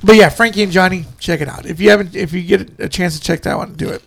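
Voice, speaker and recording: A man hosts a casual podcast chat in a high voice with a gravelly edge. He rambles, swears freely and laughs a lot as he talks with friends. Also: fast talker. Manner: profane, laughing, rambling, acts out scenes. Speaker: podcast host.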